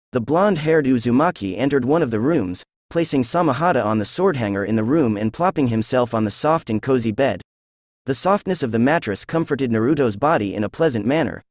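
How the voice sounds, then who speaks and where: A man reading fan fiction aloud as narrator, in a steady, even storytelling voice. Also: medium pitch, no room sound.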